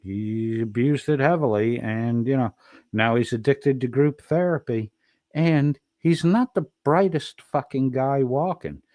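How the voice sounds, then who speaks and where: A man's voice: medium pitch, unhurried, dark tone, no echo, studio quality. A man streaming profane, mocking commentary, swearing constantly and throwing insults at someone in a clip.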